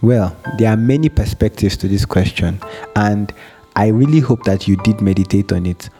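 A man's voice: fairly low pitch, normal speed, dark tone, soft background music. A man hosting a devotional show, teaching earnestly, often repeating his phrases, and leading a prayer. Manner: earnest, repeats phrases, acts out a phone call. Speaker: devotional podcast host.

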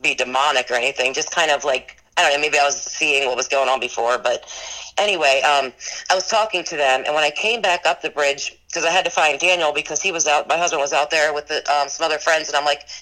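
A fast-talking woman with a deep voice that sounds pushed and bright describes her paranormal experiences in an interview. She runs a ghost tour business and rambles earnestly, leaning heavily on "like" and "you know." The recording quality is low.

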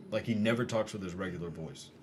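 A man's voice: sits low, fast. A man in casual podcast chat who talks in a laid-back way, swearing and joking. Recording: clear background noise.

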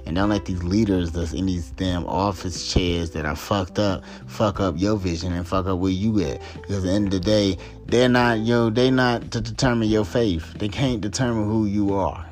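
A very deep-voiced man delivers a solo talk-show rant, heated and full of profanity. He keeps coming back to the same points with blunt emphasis, while faint music plays under him. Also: fairly even intonation, normal speed, hardly any pauses, a little mellow. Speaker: podcast host.

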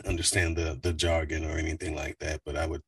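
Brief: man, voice actor in a casual interview, low husky voice, laid-back storyteller. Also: quick pace, no room sound, far from the mic. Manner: relaxed, rambling storyteller with fillers. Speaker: voice actor guest.

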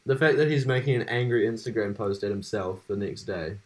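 A man's voice: lowish voice, fairly quick. A young man co-hosting a podcast, chatting casually, rambling with frequent laughter and casual swearing. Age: young adult. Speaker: podcast co-host. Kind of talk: casual chat.

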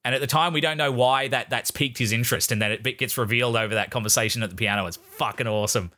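A man's voice: medium pitch, rapid-fire, pushed and bright. A man in a casual film discussion, thoughtful, often repeating words as he searches for the point.

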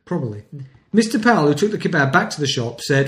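A man co-hosts a casual comedy podcast, reading local news items aloud and chuckling through them. His voice sits a little high. The recording has a roomy echo. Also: big pitch swings, fast talker, a bit bright, a little hiss or hum. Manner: reads news stories aloud, laughing often. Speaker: podcast co-host.

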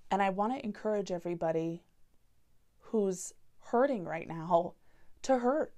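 This solo podcast host, a woman in her thirties, has a warm mid-range voice that's animated yet a little slow. Earnest and heartfelt, she opens up candidly and vulnerably about difficult feelings.

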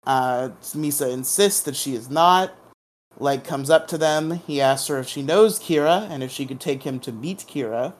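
Podcast co-host, casual recap, playful, hums sound effects, mid pitch. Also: moderate pace.

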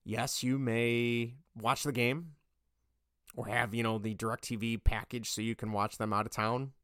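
A man hosting a sports podcast, talking casually and getting worked up into loud rants. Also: mid-range voice, fairly even intonation, unhurried, clear, resonant tone, dry recording, clean studio sound. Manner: ranting, gets worked up and loud. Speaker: podcast host. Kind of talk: casual sports opinion monologue.

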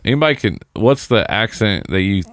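A man's voice: on the low side, big pitch swings, a little fast, dry recording. A man hosting a podcast, chatting casually and telling rambling stories with a lot of laughter. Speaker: podcast host. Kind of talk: casual chat.

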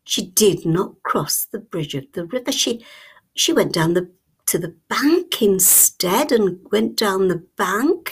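A woman tells a storybook tale in whispered storytelling ASMR, her voice hushed and husky. She speaks extremely slowly with long lingering pauses, and a gravelly fry runs underneath her words. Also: mid-range voice, animated.

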